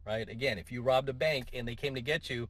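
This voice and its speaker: A man's voice: medium pitch, fast, a bit bright. A man giving an opinionated commentary monologue to his viewers, conversational and full of tag questions and repeats. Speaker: commentary vlogger.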